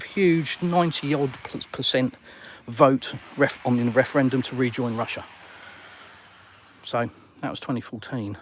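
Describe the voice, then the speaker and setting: A middle-aged English man hosting a casual live Q&A from a sunny balcony, blunt and full of jokey banter. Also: mid-range voice. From England. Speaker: livestream host.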